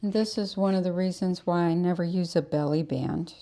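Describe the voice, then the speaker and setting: A woman's voice: lowish voice, fairly quick, dark tone. A woman dog groomer explaining her technique while coaxing and praising the dog she is working on in a grooming salon. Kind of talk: instructional grooming demo.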